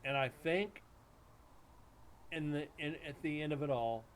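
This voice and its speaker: A man's voice: fairly high pitch, measured pace, slight background noise. A middle-aged man, a paranormal investigator, telling a story in a casual, rambling way on a live stream, full of restarts and acted-out dialogue.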